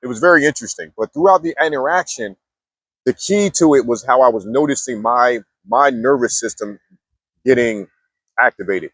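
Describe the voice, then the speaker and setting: A young man talks straight to the camera in a relaxed, slangy way, often stopping to restart his sentences. His voice is mid-pitched, and the recording is dry and close, with no room sound. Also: moderate pace, slightly rough, no echo. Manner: laid-back slangy talk with many restarts. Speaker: mindfulness vlogger. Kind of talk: casual storytelling monologue.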